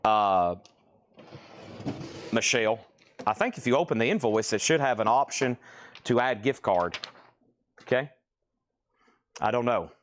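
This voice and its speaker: Male live-sale host, mid-pitched, loose and chatty, repeats lots and bids. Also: animated, unhurried, long pauses, slight background noise. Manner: repeats item names and bids, casual and rambling. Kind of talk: live-stream auction selling.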